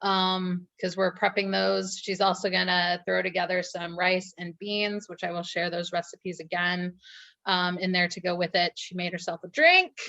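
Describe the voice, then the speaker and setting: A woman's voice: lowish voice, steady tone, moderate pace, gravelly, pushed and bright. Woman, host, friendly, recaps for viewers, lo-fi muffled audio. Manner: friendly, explains things for viewers who just joined. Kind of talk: hosting a live online cooking social. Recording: dull lo-fi call audio.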